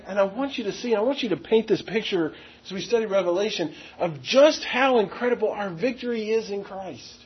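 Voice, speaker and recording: High, husky-voiced man preaching a sermon. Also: muffled recording. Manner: teaching verse by verse, stressing key words; slows to read scripture aloud. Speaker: pastor.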